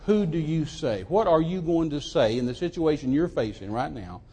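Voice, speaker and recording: An older man, preaching a sermon as a lively story, often repeating words, on a handheld mic in a church. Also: fairly high pitch, moderate pace, husky. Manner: animated, repeats words, acts out quoted voices. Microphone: handheld microphone.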